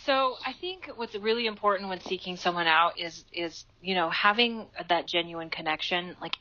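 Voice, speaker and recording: A woman's voice: on the low side, normal speed, pushed and bright, muffled recording. A woman guest on a podcast, earnestly sharing heartfelt advice with lots of "you know"s. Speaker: interview guest, life coach. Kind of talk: podcast interview, reflective advice.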